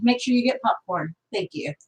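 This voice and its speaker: A woman's voice: on the high side, animated, normal speed, distant mic. A woman co-hosting a casual movie review podcast, playful and teasing with her co-host. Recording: roomy sound from off-mic.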